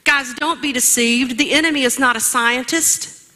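A woman's voice: high voice, fairly even intonation, normal speed, bright, forceful tone. A woman preaching a sermon in an emphatic, rhetorical way, speaking straight to her listeners.

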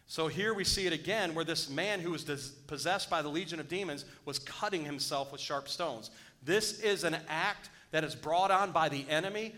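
A man's voice: on the high side, pushed and bright. A man preaching a sermon, reading scripture aloud and breaking off to exhort his listeners. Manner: rises to urgent exhortation. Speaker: pastor.

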